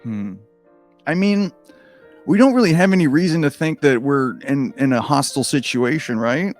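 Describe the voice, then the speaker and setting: A man's voice: on the high side, expressive, moderate pace, soft background music. A man reading a gamebook aloud on a close microphone, breaking off into rambling, swearing, self-deprecating asides. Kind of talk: casual reading with rambling commentary.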